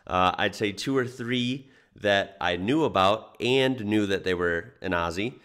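A young man from the United States talks over a clip he is reacting to. His voice sits very low. His delivery is relaxed and rambling, with fillers and the odd chuckle. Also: a little slow, clear, resonant tone. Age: young adult. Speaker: reaction video host. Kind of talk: casual reaction commentary.

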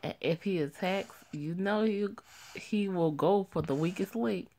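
Woman voicing a gravelly male crime boss, low and commanding, for a homemade story drama. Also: a little slow, dark tone. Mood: firm. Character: stern man, head of a gang. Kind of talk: amateur voiced story drama.

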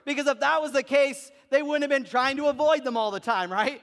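A man's voice: very high voice, brisk, few pauses, fairly bright tone. A man preaching a sermon as a pastor, telling a story with frequent repetitions and restarts. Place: church hall. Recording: reverberant church hall.

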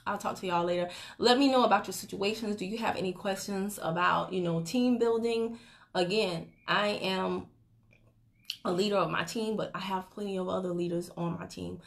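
A woman's voice: medium pitch, creaky, a bit bright. A woman leading a network marketing team gives a chatty, teasing motivational talk on a phone livestream. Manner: chatty, teasing, breaks into laughter. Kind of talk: motivational Facebook Live talk.

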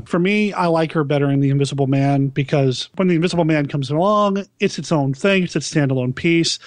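Enthusiastic podcast host, slightly high voice. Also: male voice, dry recording. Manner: enthusiastic, chatty, laughs often. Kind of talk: casual chat.

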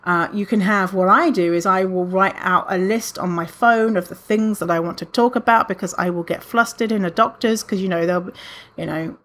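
A woman hosting a podcast, talking candidly and casually to listeners, with many fillers and lively retellings. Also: medium pitch, normal speed. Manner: candid, chatty, frequent fillers, animated when retelling. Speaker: podcast host answering listener questions.

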